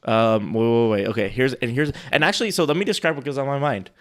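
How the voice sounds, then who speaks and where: A man co-hosting a casual chat, rambling and restarting his sentences, quick to laugh. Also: medium pitch, background noise. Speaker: co-host reviewing sales outreach.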